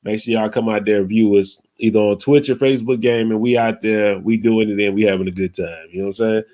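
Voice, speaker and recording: A man hosting a casual podcast over a video call, talking in a relaxed way and often saying "you know what I'm saying.". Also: fairly low pitch, fast. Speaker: podcast host.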